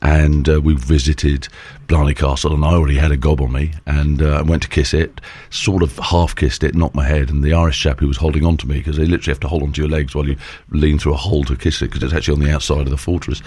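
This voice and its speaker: A man's voice: rumbling low, level tone, fast talker, hardly any pauses, darkish tone, breathy edge, no echo. A middle-aged man, a presenter and auctioneer, telling long self-deprecating stories in casual chat.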